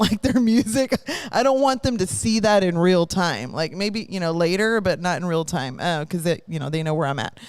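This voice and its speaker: Chatty woman radio host. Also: medium pitch. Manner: chatty, rambling, self-correcting. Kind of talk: casual chat. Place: live broadcast studio.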